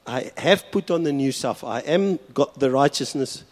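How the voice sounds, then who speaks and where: A man, preaching a sermon in a church hall with earnest, slow, emphatic repetition. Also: medium pitch, expressive. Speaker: pastor.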